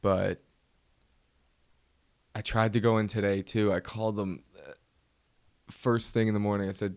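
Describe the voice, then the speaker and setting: Man, comedy podcast host, nervous self-mocking rant, lowish voice, dry close sound. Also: flat delivery, measured pace, long pauses, clean tone, no room sound. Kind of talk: solo comedy podcast monologue.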